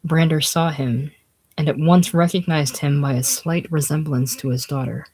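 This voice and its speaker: A casual reader narrating a classic novel aloud in a plain, unhurried way, dropping lower and quieter on speech tags. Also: steady tone, slightly rough, low-quality recording. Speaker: audiobook reader.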